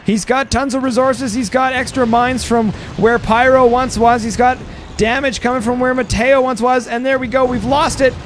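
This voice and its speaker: A man's voice: very high voice, moderate pace, slight background noise. A young man commentating a strategy game, rambling with fillers and losing his voice. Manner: energetic, rambling, with frequent fillers. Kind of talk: gameplay commentary.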